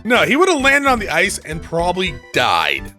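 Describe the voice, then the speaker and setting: A man's voice: high voice, huge pitch swings, moderate pace, sharp tone, heavily acted. A man voicing a stern, haughty male prosecutor who speaks in a curt, dry, scolding way. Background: game music.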